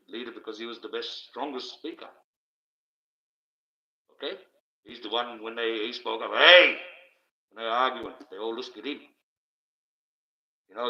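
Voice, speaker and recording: A man's voice: fairly low pitch, sharp tone. A man rambling on a livestream, talking casually and swearing freely. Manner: profane, rambling, conversational. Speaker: livestream host. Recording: dull, echoey room sound.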